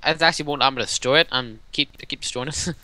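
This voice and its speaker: A man's voice: medium pitch, very fast, sharp tone, no echo. A man co-hosting a casual Let's Play, cheeky and teasing, fond of repeating jokes in silly voices. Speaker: gaming channel co-host.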